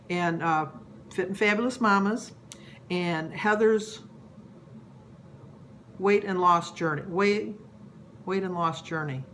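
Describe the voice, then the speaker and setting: A woman's voice: fairly low pitch, fairly bright tone, a little hiss or hum. A woman in her sixties vlogging about weight loss in a rambling, chatty way, easily sidetracked. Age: 60s. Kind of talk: casual chat to camera.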